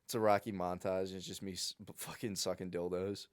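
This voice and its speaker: A man's voice: sits low, level tone, a little fast, smooth. A young adult man co-hosting a podcast in casual chat, joking crudely and laughing often. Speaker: podcast co-host.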